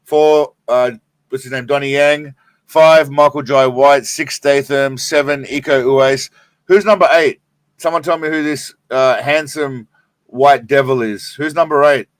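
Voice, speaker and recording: A man's voice: medium pitch, steady tone, a little slow, no echo. An Australian man hosting a live stream, rambling and swearing in a laid-back way while stoned. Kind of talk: casual live stream chat.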